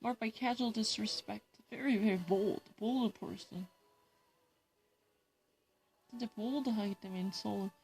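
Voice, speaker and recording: Gravelly Korean-accented woman reading vocabulary. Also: medium pitch, fast talker, pauses often, a little mellow. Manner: reads words and definitions aloud, then explains them in Korean. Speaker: vocabulary study vlogger. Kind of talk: casual solo vocabulary study, mixing English and Korean.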